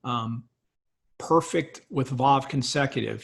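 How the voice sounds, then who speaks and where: A man lecturing as a biblical studies professor, slowly reading and explaining a Hebrew text word by word. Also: medium pitch, steady tone, gravelly, husky. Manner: slow, thoughtful, pauses on words.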